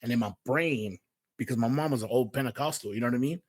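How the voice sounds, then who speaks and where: Speaking fast at medium pitch, this Houston, Texas host delivers a laid-back Bible message full of slang and fillers like "yo," "man," and "you know what I mean." There's no echo on the recording.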